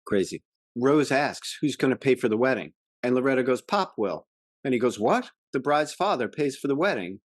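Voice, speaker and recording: A male podcast co-host recapping a film in casual chat, acting out the lines in quick voices. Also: mid-range voice, dry recording, clean studio sound. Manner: animated, acts out movie quotes in voices.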